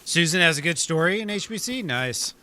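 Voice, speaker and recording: A male streamer talks casually while he plays, laughing often and teasing himself. His voice is bright and forward, and it moves up and down a lot as he talks. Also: on the high side, lively intonation, brisk, a little hiss or hum. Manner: chatty, laughs often, self-deprecating. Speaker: streamer playing a role-play game. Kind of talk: casual chat while gaming.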